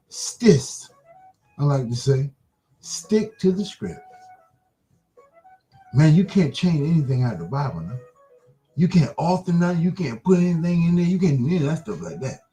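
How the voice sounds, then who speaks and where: With a high, warm voice, a man delivers a fervent religious monologue on an online broadcast. He rattles off rapid rhetorical questions meant to taunt whoever is listening.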